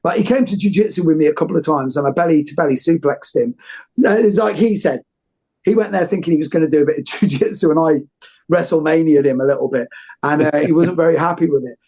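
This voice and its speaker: A man's voice: a little high, fast talker, mellow, slightly rough. A man hosting an interview, talking effusively and rambling with many restarts. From United Kingdom. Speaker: host. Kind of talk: casual interview chat.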